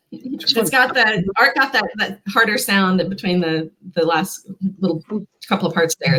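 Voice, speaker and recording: A woman's voice: mid-range voice, expressive, bright, forceful tone, poor audio. Playful woman hosting a quiz. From Louisiana. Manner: playful, laughs often, slows down to sound out words. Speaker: host. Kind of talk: casual pronunciation quiz.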